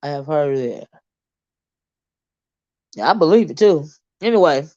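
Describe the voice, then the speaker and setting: A woman's voice: sits low, lively intonation, a little slow, pauses often, warm tone. Southern american lady rambling on her livestream, lots of ums and you knows, kinda muffled sound. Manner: rambling, many fillers and restarts, Southern Black American vernacular turns. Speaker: livestream host reading comments. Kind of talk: casual livestream chat.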